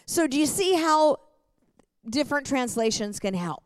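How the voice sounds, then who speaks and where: A middle-aged woman pastor teaching a church lesson in a lively way, often laughing and reading scripture aloud. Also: sits high, moderate pace, no room sound.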